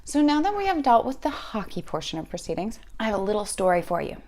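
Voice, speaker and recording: A woman giving a casual fan reaction, telling a story in a wry, profane, animated way. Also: mid-range voice, fast, a little hiss or hum. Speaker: sports fan vlogger.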